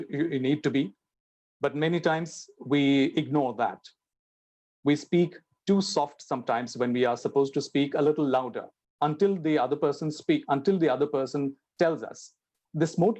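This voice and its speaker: Man teaching spoken English, fairly high voice. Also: normal speed, darkish tone. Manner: explanatory, demonstrates sentences with varied intonation.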